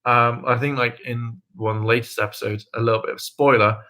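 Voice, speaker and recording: A young man chats casually on his livestream, hesitating and restarting his sentences often. His voice sounds bright and forward at an ordinary male pitch. Now and then he leaps into a high, mocking voice to quote people. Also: fairly even intonation, brisk. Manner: hesitant, many ums and restarts, jumps into high mocking voices when quoting. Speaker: livestream host. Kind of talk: casual rambling livestream chat.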